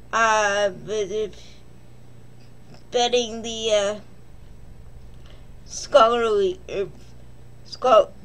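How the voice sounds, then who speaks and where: A woman vlogger casually recapping a film in a rambling, joking, self-deprecating way. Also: fairly high pitch.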